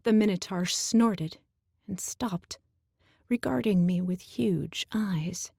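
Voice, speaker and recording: A woman narrating a first-person fantasy audiobook in a slow, emotional storytelling manner on a close studio mic. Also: medium pitch, gravelly, mellow, slightly rough, no echo.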